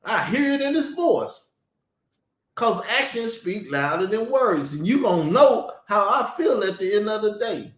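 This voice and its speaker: A man's voice: sits high, very animated, unhurried, fairly bright tone, roomy sound. A man talking bluntly and heatedly in a casual chat, swearing often and stressing his words. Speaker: show host.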